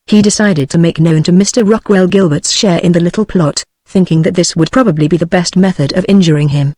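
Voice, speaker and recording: A text-to-speech voice reading a classic novel aloud in an even, unvaried way, with no change for the characters. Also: medium pitch, a little fast, no room sound. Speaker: audiobook narrator. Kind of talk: scripted narration.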